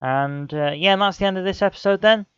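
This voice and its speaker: A man's voice: sits high, quick pace, fairly bright tone, smooth, dry recording, lo-fi sound. A young man commentating on a football management game, often frustrated and exclaiming at the action. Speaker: gaming channel host.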